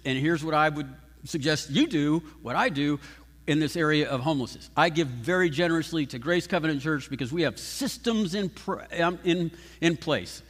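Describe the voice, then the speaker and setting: Animated pastor preaching in a reverberant hall. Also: male voice, on the high side. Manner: animated, emphatic, with frequent restarts. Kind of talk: sermon.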